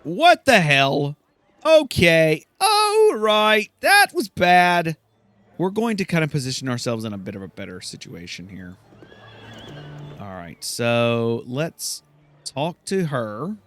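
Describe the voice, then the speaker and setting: Brief: young male gamer, lively, loose running commentary. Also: on the high side, takes it slowly, faint music behind. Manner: casual, thinking aloud, excitable. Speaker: let's play host. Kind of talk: gameplay commentary.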